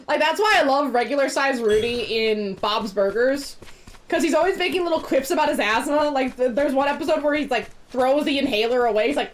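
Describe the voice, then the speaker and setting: A woman's voice: high-pitched, a little fast. A woman streaming a video game, chatting casually in a rambling way and laughing often. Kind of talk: casual chat while gaming.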